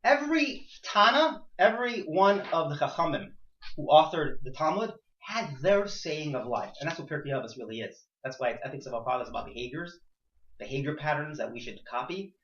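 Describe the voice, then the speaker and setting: A man teaching a class, firing off rhetorical questions and swinging between quiet points and loud emphatic ones. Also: expressive, fairly quick. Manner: rhetorical questions, sudden rises in pitch and loudness. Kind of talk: class discussion. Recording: echoey room, dull lo-fi sound.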